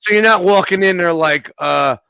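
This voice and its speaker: Gravelly, bright-voiced middle-aged man. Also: high-pitched, moderate pace, no echo. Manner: profane, joking, talks over others. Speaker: podcast host. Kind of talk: casual chat.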